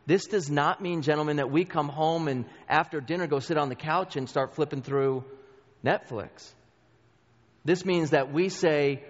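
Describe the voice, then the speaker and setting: A middle-aged man gives an earnest, conversational Bible study talk in a slightly high voice. The sound is dull, and a long reverb hangs in the church hall. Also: normal speed. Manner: earnest, conversational, direct address to the group.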